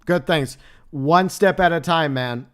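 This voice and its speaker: A man's voice: fairly high pitch, a little slow, a bit bright. A man hosting a casual livestream, chatting and laughing as he answers messages from his chat. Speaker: livestream host.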